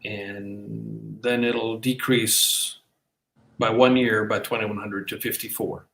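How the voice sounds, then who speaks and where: A man's voice: lowish voice, flat delivery, slow pace, gravelly, fairly bright tone. A man co-hosting a casual podcast, talking in a rambling way with many restarts and fillers. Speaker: podcast co-host. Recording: roomy echo.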